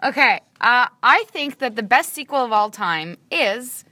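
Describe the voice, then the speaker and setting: A woman's voice: a little high, expressive, unhurried, sharp tone, dry recording. A woman co-hosting a podcast, teasing and arguing her opinions in casual chat. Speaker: podcast co-host.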